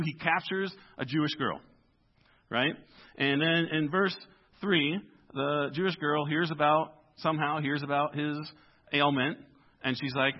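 A man preaching a conversational sermon, telling a scripture story in a lively, animated way and acting out the characters in casual voices. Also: fairly high pitch. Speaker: pastor. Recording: dull lo-fi sermon recording.

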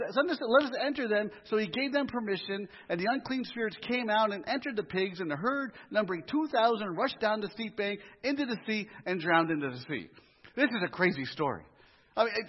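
A man's voice: high-pitched, slightly rough. A man preaching a sermon, with conversational asides and humor. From US inner city. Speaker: pastor. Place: church sanctuary. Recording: muffled live church audio, long reverb.

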